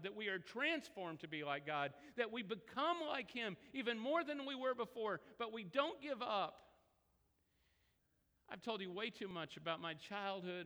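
Guy preaching in a church, high bright voice, big hall reverb, chatty storytelling. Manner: conversational storytelling, animated pitch swings. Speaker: pastor. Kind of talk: sermon.

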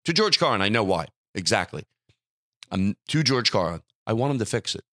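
A man hosting a podcast, ranting in casual chat, jumping between loud bursts and low muttered asides. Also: sing-song, fairly quick, no echo, studio quality. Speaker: podcast host.

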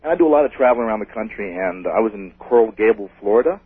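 Fast-talking husky man on a phone line. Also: lowish voice, dry recording. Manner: rambling, excitable storytelling. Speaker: caller. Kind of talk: telling a ghost story on a call-in show. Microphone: telephone.

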